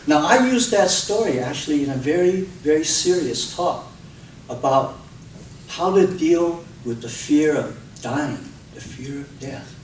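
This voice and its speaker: A man delivers an unhurried, expressive speech, acting out the people in his stories with vivid voice changes. His voice sits a little high for a man. He is picked up from a distance in an echoey room, with faint ambience behind him. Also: slight background noise. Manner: expressive storytelling, acts out cries and quotes. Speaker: public speaker. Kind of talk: speech on public speaking.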